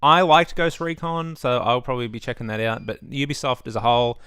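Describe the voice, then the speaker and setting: A man's voice: mid-range voice, steady tone, fairly quick, a bit bright, clear, resonant tone, dry recording. Young guy, home-setup gaming rant, sarcastic and sweary; resonant, dry. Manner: ranty, sweary, sarcastic asides. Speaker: gaming vlogger. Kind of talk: casual opinion rant.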